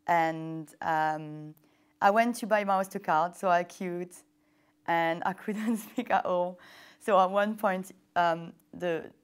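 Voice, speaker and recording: A woman's voice: fairly low pitch, smooth. A young woman whose first language is not English, telling her story in a hesitant way with many fillers. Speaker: interviewee. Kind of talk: casual personal account. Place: lit indoor interview set. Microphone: wireless lapel mic.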